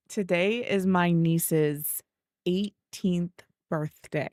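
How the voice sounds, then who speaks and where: A woman's voice: on the low side, fairly even intonation, takes it slowly, dry recording, clean studio sound. A woman streaming a game, chatting casually and rambling through stories while greeting viewers by name. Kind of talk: casual chat with live chat.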